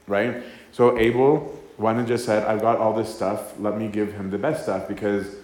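A priest delivers a casual, conversational sermon in an echoey room, reading scripture and then talking it through. His voice sits on the low side with little pitch movement, a little mellow, at a moderate pace. He often tags his lines with "right?" and acts out voices.

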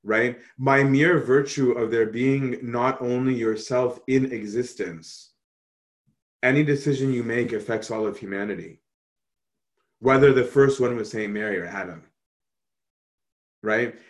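A man answering questions on Christian theology in a relaxed, conversational way, often checking in with "right?". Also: mid-range voice, unhurried, long pauses. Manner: animated, conversational, frequent "right?" tag questions. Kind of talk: casual theological discussion.

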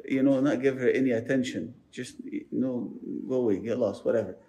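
A man voicing a Roman governor who brushes off a little girl, offhand and low. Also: a little fast, dark tone, close to an everyday voice. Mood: dismissive. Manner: dismissive, offhand.

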